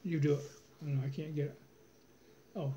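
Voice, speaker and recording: A man's voice: fairly high pitch, level tone, normal speed, dark tone, slight background noise. A man from Maine co-hosting a casual live-stream chat, talking in a laid-back, understated way with brief replies. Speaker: homesteader, co-host. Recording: dull lo-fi sound.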